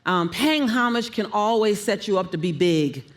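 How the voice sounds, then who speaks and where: Sex: woman. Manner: emphatic, animated speaking coach. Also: medium pitch, moderate pace. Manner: emphatic, animated, gives instructions. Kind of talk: coaching talk on public speaking.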